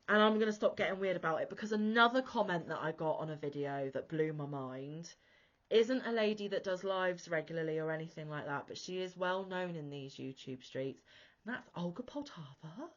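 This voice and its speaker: A woman hosting a crochet channel, chatting casually to camera in a gushy, excitable way. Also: lowish voice, a little fast. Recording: dull lo-fi audio.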